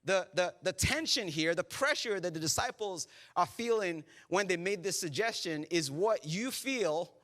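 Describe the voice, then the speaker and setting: A man preaching a sermon as pastor, animated and joking, acting out the voices in his stories. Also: high-pitched, moderate pace, hardly any pauses. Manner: animated, joking storyteller who acts out quotes. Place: church service.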